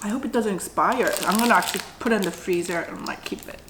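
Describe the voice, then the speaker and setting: A woman's voice: mid-range voice, quick pace, noisy background. A middle-aged woman vlogger chatting casually while she eats on camera, often humming "mm" between bites. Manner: chatty, frequent mm sounds while eating. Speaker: mukbang vlogger. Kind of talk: casual eating vlog chat. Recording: roomy echo.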